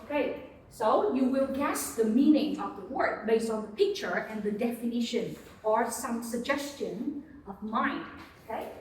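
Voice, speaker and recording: A woman's voice: on the high side, lively intonation, unhurried, a little mellow, a little hiss or hum. A woman teaching English to a class, patiently prompting students and repeating words. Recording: echoey classroom from far off.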